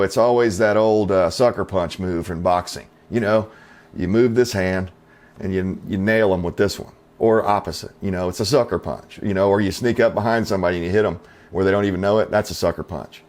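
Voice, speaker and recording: With a fairly deep voice, a middle-aged man runs his own channel and airs strong opinions. He speaks in a down-home, skeptical style, leaning on rhetorical questions and casual fillers.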